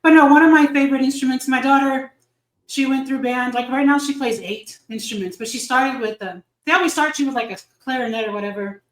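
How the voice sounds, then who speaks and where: A middle-aged woman hosts a casual podcast interview in a bright, high voice. She is chatty and playful and laughs easily. The room lends her voice a roomy echo. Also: fairly quick. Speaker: podcast host.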